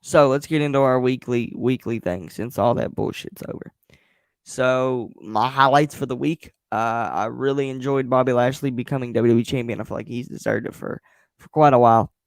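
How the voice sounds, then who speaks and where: Heard in a dry, studio-quality recording, this young man's mid-range voice holds fairly even intonation at a moderate pace. Hosting a wrestling review show, he casually vents and gives blunt, frank opinions.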